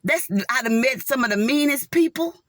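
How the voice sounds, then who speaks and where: A woman's voice: high-pitched, animated, normal speed, a bit bright, dry recording. Middle-aged woman telling her faith story, earnest and heartfelt, dry close sound. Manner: earnest, heartfelt, addresses listeners as y'all. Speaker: nurse sharing a faith testimony. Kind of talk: casual spoken testimony to viewers.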